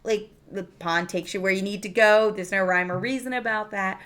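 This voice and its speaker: A woman's voice: mid-range voice, fairly even intonation, moderate pace, fairly bright tone. A woman reviewing a TV episode in a casual, chatty recap, full of fillers and restarts.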